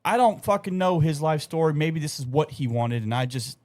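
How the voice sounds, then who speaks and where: A young man with a drawl, his voice sitting a touch higher than most men's. He spins stories in a loose, swearing, easygoing way, like a co-host chatting with friends on a podcast. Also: expressive, fairly quick, a little mellow. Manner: loose, profane storytelling. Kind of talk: casual chat.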